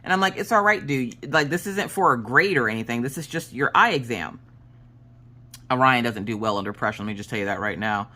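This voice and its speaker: A woman's voice: a bass voice, fairly quick, bright, forceful tone. A woman in her thirties telling a story in a casual, chatty way while crafting on her vlog, laughing often. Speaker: craft vlogger.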